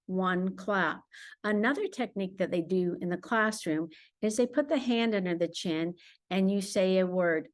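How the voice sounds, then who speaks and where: A woman teacher explaining reading games to parents at home, patient and clear, slowing down to model words the way she would for a child. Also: mid-range voice. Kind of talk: instructional talk to parents.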